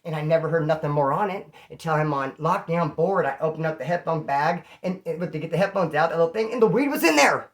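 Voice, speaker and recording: A man from California, a former inmate, telling a prison story casually to camera in slangy, animated talk full of bro and dude. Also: on the high side, fast, few pauses.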